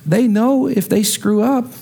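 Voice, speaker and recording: A man preaching a sermon as pastor, telling a story and acting out the dialogue, rising to shouts when heated. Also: extremely high pitch, measured pace, vocal fry, slightly rough.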